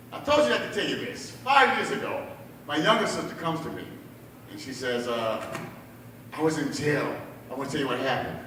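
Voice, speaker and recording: A man's voice: a little high, bright, forceful tone, slight background noise. A man telling a stand-up story at a bar open mic, acting out his family members' voices, with audience laughter behind him. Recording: echoey bar room, mic heard from a distance.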